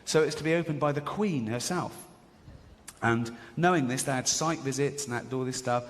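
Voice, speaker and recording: An English man doing a stand-up comedy set, swinging into high squeaky exclamations and quick impressions. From England. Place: large theatre stage before a laughing audience. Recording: live hall recording with audience noise.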